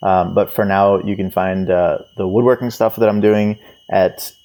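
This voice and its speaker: A man with a very low voice, a guest on a podcast, speaking in a relaxed, easygoing way. He leans on fillers like "like" and "um" as he talks. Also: normal speed. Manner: relaxed, filler-heavy, says "like" and "um" often. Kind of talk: casual interview chat.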